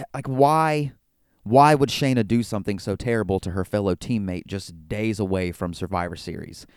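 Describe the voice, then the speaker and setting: A man's voice: on the low side, darkish tone, smooth, no echo, studio quality. A man hosting a podcast, recapping events in a casual, joking way with frequent stammered repeats. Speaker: podcast host. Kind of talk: casual wrestling recap commentary.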